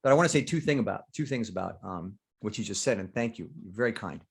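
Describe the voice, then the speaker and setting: A man's voice: lowish voice, quick pace, gravelly, slightly rough. An older man, a veteran actor, talking candidly in an interview, acting out inner thoughts and swearing freely. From United States. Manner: animated, acts out inner voices, swears freely. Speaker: guest actor.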